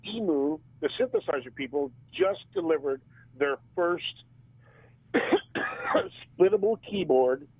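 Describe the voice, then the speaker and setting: A man, a band drummer and interview guest, telling stories in a casual and animated way and laughing often. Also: a little high, dry recording. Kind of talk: casual storytelling. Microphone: phone. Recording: tinny phone line.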